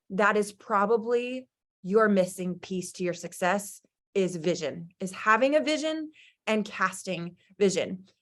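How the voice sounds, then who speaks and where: Woman, team leader, emotional and passionate, video call, mid pitch. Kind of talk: motivational talk on a team call.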